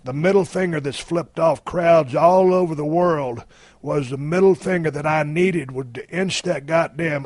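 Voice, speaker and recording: A man in his fifties spins a long story on his podcast, cursing freely and driving it with blunt energy. His voice sits a bit high for a man and sounds close and dry, with no room around it. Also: no room sound. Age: 50s. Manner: profane, blunt, animated storytelling. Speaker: podcast host.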